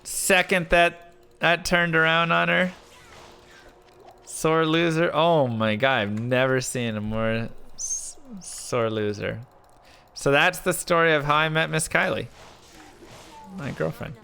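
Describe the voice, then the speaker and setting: A man live-streaming, telling a rambling story in a casual, animated way with lots of filler words. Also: fairly high pitch, takes it slowly, creaky, long pauses, smooth. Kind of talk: casual storytelling while gaming.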